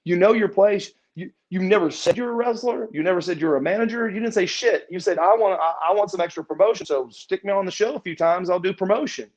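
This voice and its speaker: Talking quickly with few pauses, a high-pitched middle-aged former pro wrestler rambles through a story as an interview guest. He keeps repeating and restarting words and acts out people's lines. The casual shoot interview has muffled lo-fi audio and slight background noise.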